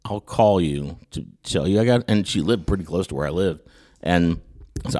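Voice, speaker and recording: Very low-voiced man telling a story. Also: a little fast. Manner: animated anecdote telling with many restarts. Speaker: podcast host. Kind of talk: casual storytelling chat.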